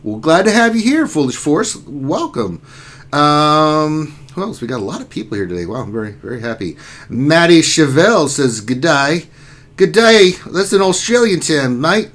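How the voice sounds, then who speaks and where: A man's voice: fairly high pitch, big pitch swings, normal speed, fairly bright tone. Joking man hosting a livestream. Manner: jokey, reads viewer comments aloud. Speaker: livestream host. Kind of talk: casual livestream chat.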